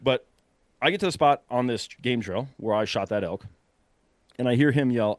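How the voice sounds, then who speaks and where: A young man casually telling a long story, animated and breathless, full of fillers and quick laughs. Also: medium pitch, dry recording. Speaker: podcast guest telling a hunting story.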